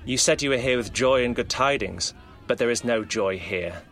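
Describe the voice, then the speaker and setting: A man's voice: mid-range voice, moderate pace, a bit bright, lightly acted. A man voicing a menacing horned Krampus disguised as a townsman, purring and taunting.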